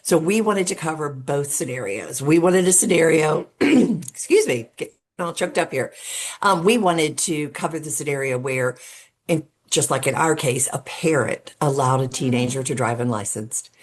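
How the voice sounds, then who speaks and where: Middle-aged woman, deep-pitched speaking voice, earnest podcast guest who explains step by step with plenty of "um" fillers. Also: moderate pace. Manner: talks through steps as if laying out a case. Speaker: guest, road safety advocate. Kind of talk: podcast interview conversation.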